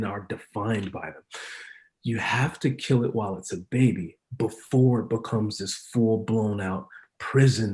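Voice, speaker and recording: A man guest giving motivational coaching advice, pausing on fillers between his points. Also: on the low side, darkish tone.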